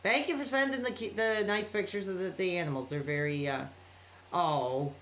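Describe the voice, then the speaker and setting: A man's voice: high voice, moderate pace, a bit bright, a little hiss or hum. A man chatting casually on a late-night live stream, rambling and apologetic as he reacts to viewer messages.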